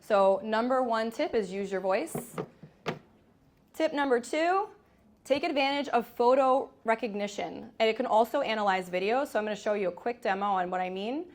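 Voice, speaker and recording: A woman giving a live presentation in a large room, energetic and chatty, demonstrating as she goes. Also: a little high, moderate pace, slight background noise. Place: large room with hundreds of agents.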